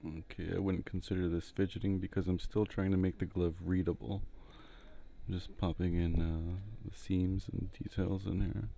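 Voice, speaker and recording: A man giving a relaxed, rambling painting tutorial with jokey asides, talking into a headset mic. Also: low voice, moderate pace, creaky. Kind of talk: casual tutorial commentary while painting. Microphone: headset mic, breathing into it.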